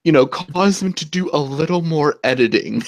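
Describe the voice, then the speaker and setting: A man hosting a casual podcast chat, telling anecdotes in an animated way, swearing casually and jumping up in pitch on punchlines. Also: moderate pace. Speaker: podcast host.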